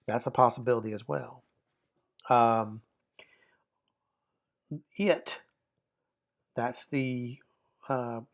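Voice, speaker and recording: A man teaching a recorded online grammar lesson, explaining step by step and often repeating or rephrasing himself. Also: medium pitch.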